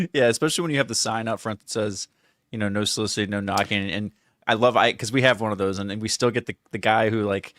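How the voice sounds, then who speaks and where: A man's voice: on the low side, fast talker, fairly bright tone, slight background noise. A man co-hosting a live talk show, cracking jokes and laughing along.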